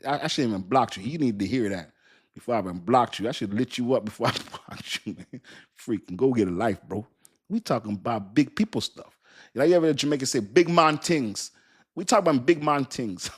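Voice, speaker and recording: A middle-aged man chatting casually on a livestream, animated, laughing often and cursing as he mocks a commenter. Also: mid-range voice, fast talker, breathy edge. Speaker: crypto livestream host.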